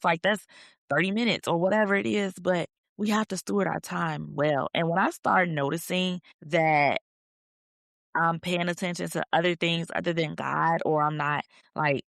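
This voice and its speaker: A woman's voice: fairly low pitch, creaky, fairly bright tone, dry recording, studio quality. A woman hosting a faith podcast, chatting casually and animatedly, acting out her own thoughts as she tells stories. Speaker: podcast host.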